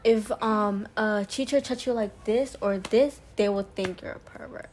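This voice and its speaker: A woman's voice: mid-range voice, measured pace, darkish tone, a little hiss or hum. Young woman in earnest podcast chat. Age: young adult. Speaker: podcast co-host. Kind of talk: casual chat.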